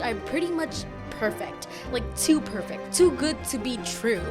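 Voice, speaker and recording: A woman giving casual video commentary, chatty and rambling, with self-deprecating asides. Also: a little high. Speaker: YouTube commentator. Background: background music.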